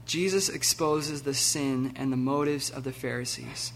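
Animated preaching man, bright voice. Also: medium pitch, measured pace, a little hiss or hum. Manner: animated, laughing, acting out scenes with sudden loud bursts. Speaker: pastor. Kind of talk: sermon.

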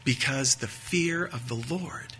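A man preaching a sermon, teaching with measured emphasis, rhetorical questions and folksy asides. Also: medium pitch, pushed and bright, slight background noise. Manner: folksy asides and light joking.

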